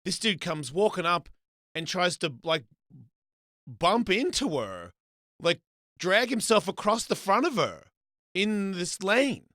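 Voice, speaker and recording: A middle-aged man hosting a live stream, telling an animated, profane story in casual chat. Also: high voice, slow pace, no room sound, clean studio sound. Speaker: host.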